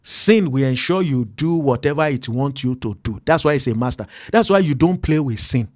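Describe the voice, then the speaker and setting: A male pastor delivers a short daily devotional sermon in an earnest, emphatic voice of middling pitch. He slows right down to hammer home his key points. The recording is dry and close, with no room sound. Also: animated, a little mellow, dry recording. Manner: earnest, emphatic, slowing down to stress key words. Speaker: pastor and devotional podcast host.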